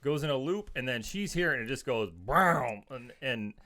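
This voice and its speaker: A man's voice: medium pitch, expressive, moderate pace, sharp tone. A man co-hosting a podcast in casual chat, talking bluntly and swearing freely. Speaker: podcast co-host.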